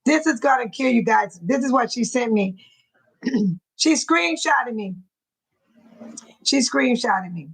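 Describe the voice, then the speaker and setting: A woman with a high voice chats to her livestream viewers. She repeats herself and breaks into laughter again and again as she talks. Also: a bit bright, husky, low-quality recording. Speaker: livestream host. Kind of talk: casual chat to viewers.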